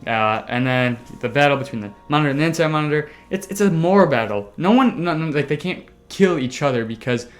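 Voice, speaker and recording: A man hosting a casual podcast, telling a story excitably with sound effects and the odd swear word. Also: fairly high pitch, brisk, few pauses, soft background music. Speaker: podcast host.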